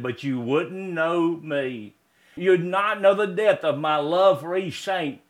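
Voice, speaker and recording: Slow, high-voiced male preacher. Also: fairly bright tone. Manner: slow, emphatic preaching with repeated exhortations. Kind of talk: sermon with recited poem and prayer.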